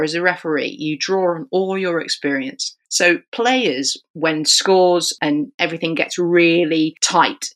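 Woman, rugby referee, podcast anecdote, animated storyteller, low-ish voice. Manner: animated storyteller acting out dialogue.

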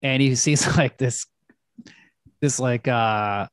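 A man's voice: medium pitch, takes it slowly, smooth, no room sound. A man co-hosting a podcast, retelling a film plot in a loose, rambling way with lots of filler words. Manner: rambling, full of "like" and restarts. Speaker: podcast co-host.

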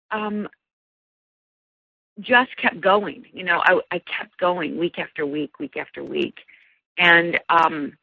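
A middle-aged woman with a gravelly edge tells her own story as an interview guest, earnest and animated, stumbling through restarts and fillers. The recording sounds dull and lo-fi, dry with no room around her. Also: low voice, no room sound. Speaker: guest, life coach.

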